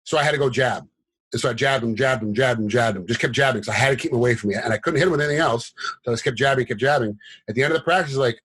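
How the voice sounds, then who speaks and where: A middle-aged man with a husky, slightly breathy voice and a mid-range pitch, talking as an interview guest. He tells rambling, animated stories with plenty of fillers and restarts, jumping into quotes with a raised voice. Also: racing, rough recording. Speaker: guest, former fighter turned commentator and referee. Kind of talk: casual interview storytelling.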